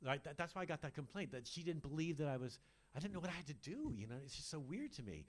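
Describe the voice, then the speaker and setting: A man's voice: very animated, fast talker. Camp older man doing stand-up. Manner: camp, teasing, swoops between mock-deep and high voices. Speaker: stand-up comedian. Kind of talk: stand-up comedy set. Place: comedy club stage with live audience.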